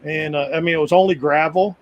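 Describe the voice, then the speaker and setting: A man chatting casually on a live video call, his voice sitting a little high. He rambles through his stories with easy restarts and small asides. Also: fairly even intonation, fast talker, highs cut off. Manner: rambling, restarts often, easygoing storytelling. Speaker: full-time RVer guest. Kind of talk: casual chat.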